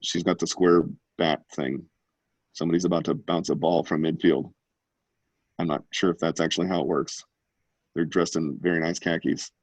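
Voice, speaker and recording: A man's voice: sits low, flat delivery, normal speed, slightly rough, no room sound. A man hosting an online art class over a video call, giving playful, joking running commentary. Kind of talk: casual live-stream teaching.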